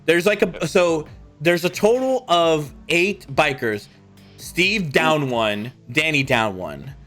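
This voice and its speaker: A man's voice: on the high side, expressive, slow, fairly bright tone, faint music behind. A man narrating a tabletop game as game master, rambling with many fillers. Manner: rambling, lots of fillers and voiced asides.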